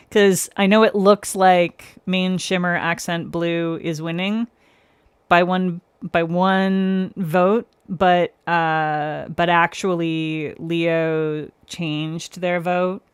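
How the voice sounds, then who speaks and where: A woman with a fairly low, clean voice speaks extremely slowly and with flat delivery, and there's no room sound. Hosting a nail art livestream, she chats casually with viewers by name, laughs often, and explains each step as she works.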